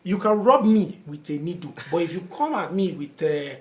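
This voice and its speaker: A man's voice: high-pitched, animated, normal speed. A young man from Nigeria telling funny stories as a podcast guest, acting out quotes and laughing often. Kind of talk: casual storytelling chat.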